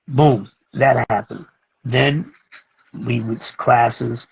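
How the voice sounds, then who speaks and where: A middle-aged man, a music producer and teacher talking as a guest in a casual interview, telling animated stories and acting out what others said. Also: mid-range voice, extremely slow, gravelly, slightly rough, lo-fi sound. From Brooklyn, New York. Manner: animated, acts out other people's lines as he tells a story.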